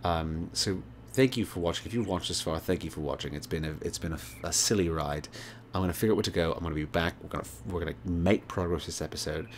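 Deep-voiced man rambling over gameplay. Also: quick pace, hardly any pauses, slight background noise. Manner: rambling, many fillers and swearing. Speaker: gaming channel host. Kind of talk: casual let's play commentary.

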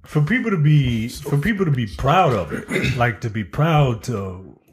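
A man co-hosting a podcast, talking in a halting, exasperated way with many restarts. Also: mid-range voice, expressive, slight background noise. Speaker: podcast co-host. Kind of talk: casual podcast discussion.

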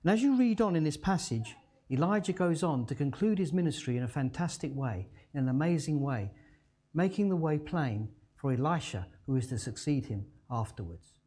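A male pastor delivers a sermon in a mellow, warm voice. He tells the story dramatically, his pitch swinging widely, and he slows almost to a hush on the words he wants to land. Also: expressive.

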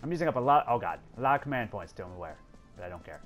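A man doing casual let's play commentary, excitable, swearing often and talking to the characters on screen. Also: medium pitch, very fast, faint music behind. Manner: excitable, swears a lot, talks to game characters. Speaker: gameplay commentator.

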